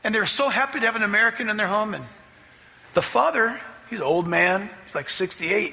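A man preaching a sermon as pastor, telling a story with lively energy. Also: high-pitched, brisk, gravelly, big-room sound, background noise. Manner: animated, rising to near-shouts in the story. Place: church sanctuary.

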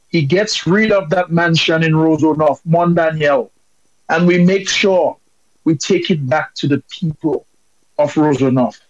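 A man's voice: fairly high pitch, dry recording, dull audio. A man from Dominica calling in with impassioned, emphatic political commentary.

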